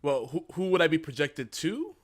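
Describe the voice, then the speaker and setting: A man's voice: fairly high pitch, sing-song, normal speed. Playful, jokey podcast co-host man. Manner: playful, jokey, laughs often. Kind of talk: casual fan podcast chat.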